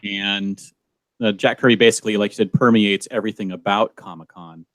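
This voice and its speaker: A male podcast host with a low voice asks his guest questions, pausing on fillers. The sound is dry, with no room echo. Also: fairly even intonation. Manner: halting, with fillers. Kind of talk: casual interview questions.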